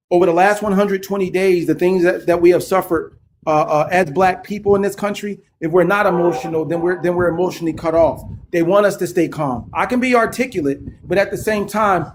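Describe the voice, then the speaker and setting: A man's voice: high-pitched, slight background noise. A man from North Philadelphia with a Philadelphia accent, a caller in a heated live-stream debate whose voice rises when he gets passionate.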